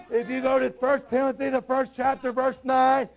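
Male preacher, very high voice, fair amount of fry, fervent and shouty at peaks, muffled lo-fi sound. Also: monotone. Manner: impassioned, breaks into shouts, slows down to stress key lines. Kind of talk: sermon. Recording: dull lo-fi recording.

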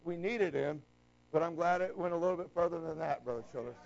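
A man preaching a sermon with passion, breaking into shouts and slowing down to stress his key lines. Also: on the high side, vocal fry. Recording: dull lo-fi recording.

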